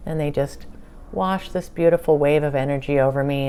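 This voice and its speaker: A woman with a notably low voice tells a personal story to her viewers, acting out both sides of a conversation. She talks casually and with animation, shifting between narration and quoted lines. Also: fairly quick, smooth. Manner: animated retelling with quoted dialogue. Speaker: channeler and vlogger.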